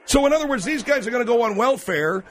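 A male radio host working a comedy call-in show from the studio, calmly pressing his argument. His voice is on the high side and moves a lot in pitch, rising and falling as he reasons. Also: quick pace.

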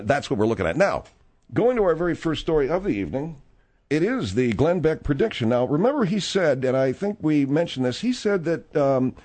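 A middle-aged man hosting a talk-radio show, rambling in a casual, animated way with plenty of fillers. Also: medium pitch.

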